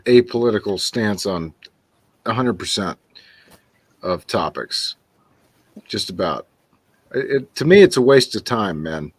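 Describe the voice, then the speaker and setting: Husky, dry-sounding man in casual chat. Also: lowish voice, no echo. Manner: laid-back, laughs often, blunt swearing.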